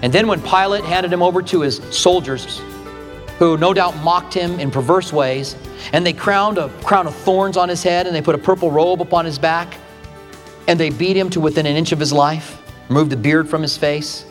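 A man's voice: moderate pace, long reverb tail, soft background music. A male pastor delivering a sermon, telling the story dramatically with acted quotes. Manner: dramatic retelling with acted quotes, shifting pitch widely.

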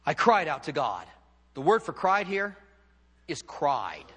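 Fervent preacher in a reverberant hall. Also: male voice, on the high side, very animated, a little slow, slightly rough. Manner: dramatic, swings from loud fervor to hushed tones. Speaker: pastor. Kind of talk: sermon.

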